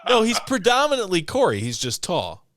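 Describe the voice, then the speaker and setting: A man's voice: high-pitched, huge pitch swings, moderate pace, fairly bright tone, no echo, studio quality. A man co-hosting a podcast, telling stories in casual chat, laughing and swearing a lot. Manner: laughing, profane storytelling. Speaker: podcast co-host.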